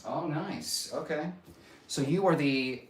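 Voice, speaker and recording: A man's voice: a little high, slow, roomy sound, slight background noise. A man hosting a casual livestream and reading out viewer comments, easygoing and often trailing off into a murmur. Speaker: livestream host. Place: home room on a stretching livestream.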